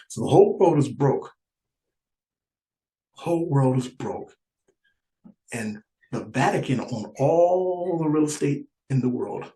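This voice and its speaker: A man's voice: mid-range voice, expressive, slow pace, pauses often, mellow, roomy sound, rough recording. A man doing a stand-up comedy set, rambling and repeating himself and laughing through his lines.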